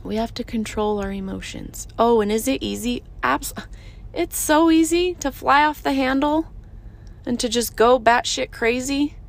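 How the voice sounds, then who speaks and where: Woman, thirties, podcast host; slightly high, emphatic, repeats her points. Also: unhurried, vocal fry. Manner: earnest, emphatic, repeats short phrases. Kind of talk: casual motivational monologue.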